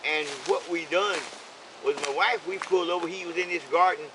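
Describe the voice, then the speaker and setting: A man's voice: high-pitched, fairly even intonation, brisk, background noise. An older man telling a roadside story in casual conversation, preachy and leaning on "okay?" for emphasis. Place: in a vehicle.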